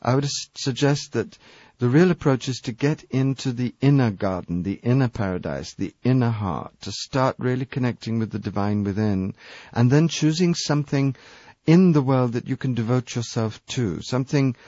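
A man's voice: medium pitch, normal speed, mellow, dry recording. Man, radio guest, earnest and emphatic, dry muffled studio sound. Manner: earnest, emphatic, repeats phrases for stress. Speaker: guest speaker on spirituality. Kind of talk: impassioned spiritual talk.

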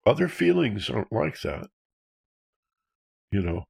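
A man's voice: fairly low pitch, very animated, measured pace, creaky, long pauses, darkish tone, slightly rough. A man, a counselor, talking earnestly about fear and childhood feelings, posing rhetorical questions. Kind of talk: talk on emotional self-awareness.

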